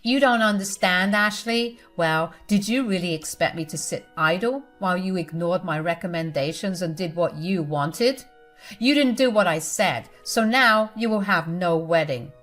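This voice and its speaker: A woman's voice: on the low side, normal speed, fairly bright tone, faint music behind, natural voice. A woman voicing a controlling, patronizing middle-aged mother who talks in a cold, demanding way. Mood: scornful.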